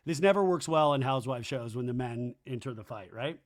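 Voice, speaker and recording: A man hosting a podcast, recapping a reality show in a comedic monologue and acting out the cast's lines in shrill, exaggerated voices. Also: lively intonation, brisk.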